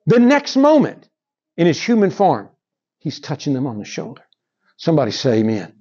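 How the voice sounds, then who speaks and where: High-voiced preacher swinging loud to hushed. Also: male voice, wildly swooping pitch, normal speed, breathy edge, dull audio. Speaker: pastor. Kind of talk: sermon.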